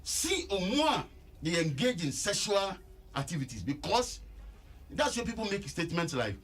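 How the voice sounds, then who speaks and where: A Ghanaian man giving relationship counsel on radio, slow and emphatic, repeating points to stress them. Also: sits high, big pitch swings, fairly bright tone, breathy edge. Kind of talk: radio advice talk.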